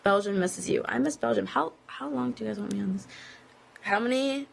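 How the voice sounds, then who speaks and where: A woman's voice: mid-range voice, a little fast, gravelly. A woman, a singer, answering fan questions in a casual live Q&A inside an office building, rambling and filling her talk with "like". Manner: chatty and rambling, full of "like" fillers. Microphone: phone streaming live video.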